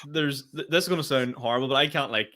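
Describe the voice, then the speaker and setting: A man's voice: medium pitch, fast, sharp tone. A man co-hosting a comedy podcast, bantering casually, teasing his co-host and swearing freely.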